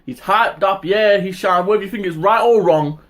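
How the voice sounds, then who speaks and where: A man hosting his own boxing talk channel, ranting in a heated, casual way, with lots of swearing and sudden high-pitched outbursts. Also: normal speed. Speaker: boxing commentary vlogger. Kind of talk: casual opinion rant.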